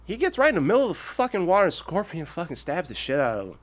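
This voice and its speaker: A man in his thirties speaks as a podcast guest, blunt and full of profanity. His voice sits a little high and swings widely in pitch as he acts out little animal fables with different voices. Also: sing-song, fast. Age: 30s. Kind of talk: casual interview.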